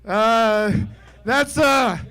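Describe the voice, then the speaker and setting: A stand-up comedian in his thirties, with an extremely high, sharp voice and very slow delivery, performs a self-deprecating open-mic set at a small comedy venue, laughing at his own jokes as he goes.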